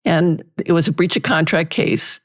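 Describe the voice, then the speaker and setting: An older woman, a litigation lawyer and interview guest, telling lively anecdotes and acting out past exchanges. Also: lowish voice, normal speed. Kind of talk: storytelling in an interview.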